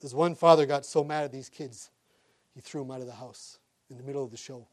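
A middle-aged male pastor preaching a sermon and telling stories in an animated way, chuckling along. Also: mid-range voice, a little fast.

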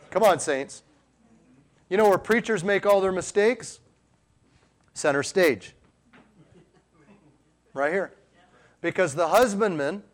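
A man preaching a sermon, firing rhetorical questions at the congregation and swinging between quiet and loud passages. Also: fairly high pitch.

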